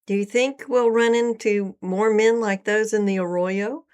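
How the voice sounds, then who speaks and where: A woman's voice: mid-range voice, steady tone, unhurried, darkish tone, clean tone, close to an everyday voice. A woman voicing an uneasy young female traveler who asks curious questions in a storybook reading.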